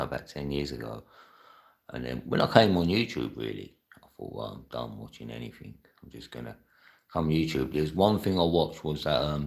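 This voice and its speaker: A man's voice: rumbling low, gravelly. A man from London hosting a live stream, rambling casually, laughing often and answering viewer chat.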